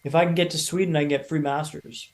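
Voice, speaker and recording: A man in his thirties from Canada, a podcast guest telling his own story in a lively, casual way and acting out other people's lines. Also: a little high, fast talker. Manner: animated storyteller, acts out quoted voices.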